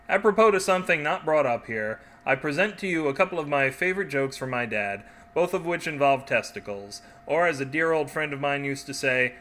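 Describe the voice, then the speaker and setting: Wry, bright-voiced male podcast storyteller. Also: medium pitch. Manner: wry, joking asides. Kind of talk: reading a short story aloud.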